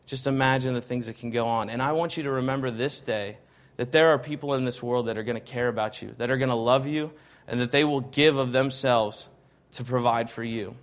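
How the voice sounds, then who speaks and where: A man giving a personal testimony in casual spoken storytelling. He acts out the quoted dialogue, often dropping softer for the quotes, and keeps a chatty flow built on "I'm like". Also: medium pitch, steady tone, a little fast. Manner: conversational, many fillers and restarts like "I'm like".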